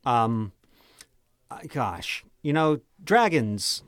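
A man's voice: medium pitch, very animated, drawn-out words, no echo. A man playing a dwarf in a tabletop game, chatty and rambling, often restarting his words. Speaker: player.

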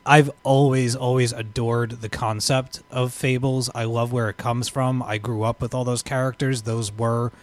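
A man's voice: mid-range voice, level tone, normal speed, few pauses. A man co-hosting a comics podcast, talking in a rambling way with many restarts. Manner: rambling, full of restarts and fillers. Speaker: podcast co-host. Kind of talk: casual chat.

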